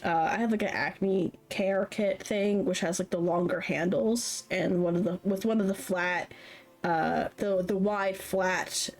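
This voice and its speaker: A woman's voice: on the low side, fairly even intonation, a little slow, faint music behind. Rambling, laughing woman in her late twenties. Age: late 20s. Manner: rambling, chatty, laughs often and swears. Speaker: streamer. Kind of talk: casual chat on a live stream.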